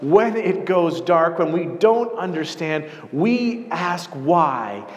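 A man with a fairly high voice preaches a sermon in a storytelling way, coming back to the same phrase again and again for weight. His voice rings out with a long reverb, as in a big church hall. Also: big pitch swings, takes it slowly. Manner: storytelling, repeats key phrases for emphasis. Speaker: pastor.

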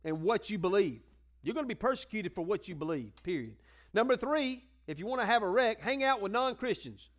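A man with a high voice preaches to his congregation in a folksy, conversational way. He acts out the people in his stories and climbs into fervent, rousing exhortation. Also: sing-song, fairly quick. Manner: acts out quoted voices in dialogue. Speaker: pastor. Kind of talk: sermon.

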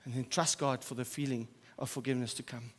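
A man preaching a sermon as pastor, swinging between loud emphatic stretches and quiet, soft asides. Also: medium pitch, little pitch movement, fast. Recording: church hall with long reverb.

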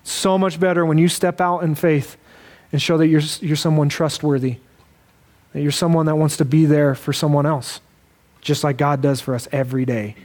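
A young man preaching a sermon, emotional and halting, close to tears as he speaks to his daughter. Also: on the high side, fairly even intonation, a little mellow. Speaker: pastor.

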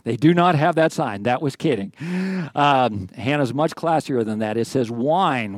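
A man's voice: mid-range voice, animated, a little slow, no echo. Male pastor, sermon, folksy and joking, slightly out of breath, dry close sound. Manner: folksy, joking asides, frequent restarts.

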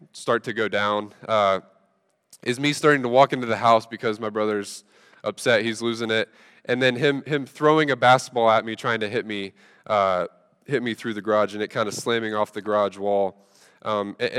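A man preaching a sermon, telling a funny story in a relaxed, conversational way with lots of fillers. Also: medium pitch. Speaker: pastor. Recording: long reverb from a large hall.

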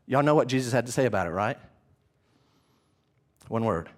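A male pastor preaching an animated sermon, telling the story with vivid retelling and addressing the listeners as "guys". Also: mid-range voice, moderate pace, long pauses.

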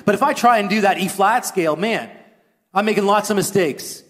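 A man preaching a sermon as pastor, earnest and rising toward near-shouting at times. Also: sits high, fairly quick. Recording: long hall reverb.

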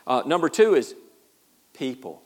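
A man's voice: a little high, very animated, a little slow, a little mellow. A man preaching a sermon as pastor, in a folksy, self-deprecating way with a lot of repeated words. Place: church.

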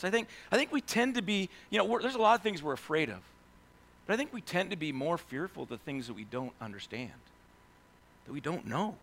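A man delivers a sermon in a high, bright voice. He tells stories in an animated way and keeps checking in with his listeners through quick asides. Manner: animated storytelling with many "right?" asides. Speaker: pastor.

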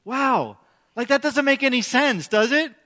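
Bright-voiced pastor in a reverberant hall. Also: male voice, very high-pitched, measured pace. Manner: conversational, animated, asks the congregation questions. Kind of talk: sermon.

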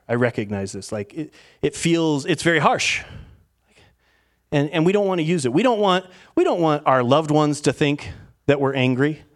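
A man, a pastor, preaching a sermon in an animated way, acting out everyday voices to make his points. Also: fairly high pitch.

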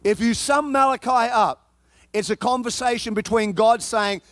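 A notably high-voiced man preaches at an ordinary pace, keeping things conversational and animated while slipping in playful side remarks. The recording is dry and close-miked, free of room reverb.

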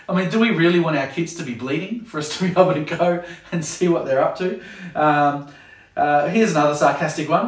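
A man's voice: a little high, a little fast. Chatty man in an echoey room. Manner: chatty and jokey, acts out parents' sayings. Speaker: kids club leader. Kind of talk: casual talk to camera for kids and parents. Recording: roomy sound from a distant mic.

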